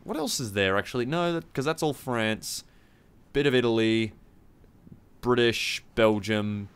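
Rambling gamer, lively pitch. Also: male voice, a little slow, clear, resonant tone. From Australia. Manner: rambling, swears often, chuckles, mocking asides. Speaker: gaming channel host. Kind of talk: casual strategy game commentary.

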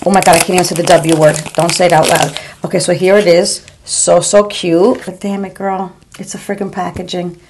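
A chatty woman in her forties or fifties reviews makeup from her home. Her voice sits a little low, and she talks to viewers like a friend, calling them "girl" and stumbling over repeated words. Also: flat delivery, fairly quick, hardly any pauses, darkish tone, a little hiss or hum. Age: 40s or 50s. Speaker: beauty vlogger. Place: home room.

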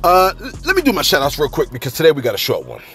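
Animated male gossip-show host. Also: on the high side, very fast. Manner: animated storyteller, laughs often, acts out quotes. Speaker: host of a celebrity gossip channel. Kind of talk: casual commentary.

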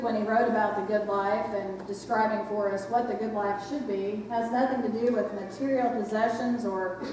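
A woman's voice: fairly high pitch, slight background noise. A woman pastor giving a reflective sermon, often asking the congregation questions. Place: church sanctuary. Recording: echoey church hall from far off.

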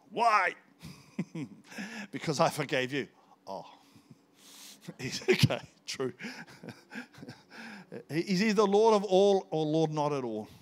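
An older man, preaching a sermon in church, telling personal stories and acting out the dialogue with bursts of shouting. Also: medium pitch. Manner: storytelling, animated, bursts into shouts when acting out scenes. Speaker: visiting pastor.

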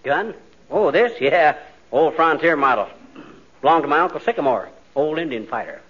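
An actor playing a blustering, wisecracking middle-aged husband in a 1940s radio comedy. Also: male voice, fairly high pitch, expressive, moderate pace, fairly bright tone. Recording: muffled hissy 1940s radio broadcast.

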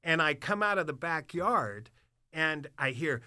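A man's voice: on the high side, unhurried, dry recording, clean studio sound. A man telling wild stories in a casual chat, cursing freely and acting out the other people's voices. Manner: swearing, animated, acts out voices in his stories. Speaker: guest storyteller. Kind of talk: casual storytelling on a podcast.

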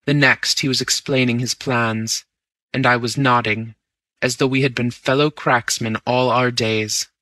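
A man narrating a story in the first person, reading in a steady, measured way. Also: mid-range voice, no room sound. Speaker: audiobook narrator.

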